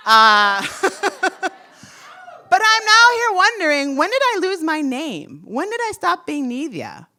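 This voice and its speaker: Woman, 40s, live storyteller; expressive and bright, slightly high pitch. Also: unhurried. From United States. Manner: animated, acts out quoted voices.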